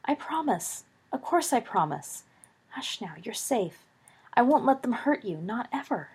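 A woman's voice: fairly high pitch, big pitch swings, unhurried, husky, pitched above the performer's own voice, full character voice. A woman voicing a fiery teenage witch girl. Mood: tender. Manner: blunt, sharp-tongued.

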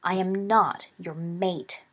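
A woman's voice: brisk, gravelly. A woman reading aloud, voicing a sullen, hostile teenage wizard boy who hisses and snarls his lines. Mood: menacing. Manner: hissing, snarling, low and menacing.

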